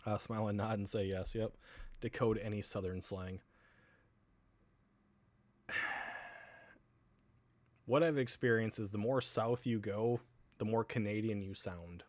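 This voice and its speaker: Unhurried and prone to long pauses, this livestream host has a fairly low voice and no room sound around him. He's from the American South, drifting between topics as he responds to viewers with frequent laughter.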